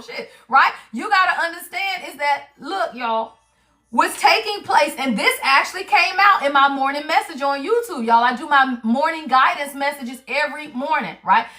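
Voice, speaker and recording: A woman's voice: high-pitched, pushed and bright. A woman doing a spiritual card reading on a livestream, chatty and emphatic, talking straight to her viewers with casual slang and swearing. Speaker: tarot reader.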